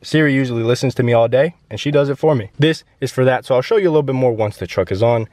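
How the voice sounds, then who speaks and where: A man's voice: mid-range voice, very fast, no echo. A young man giving a chatty, joking walkaround review of his pickup truck, talking to the camera from inside and around it. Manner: chatty and joking, lively ups and downs.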